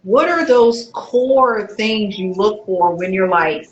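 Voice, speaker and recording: A woman's voice: medium pitch, slow pace, few pauses, dull audio. Woman host in an echoey room. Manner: conversational, asks long questions. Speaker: podcast host. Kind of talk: casual interview talk.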